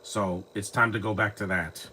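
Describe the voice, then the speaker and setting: A man's voice: on the low side, steady tone, moderate pace, bright, forceful tone, slight background noise. A man casually rambling through a live movie commentary, full of restarts and fillers, recorded on a phone at home. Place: home, lives near trees.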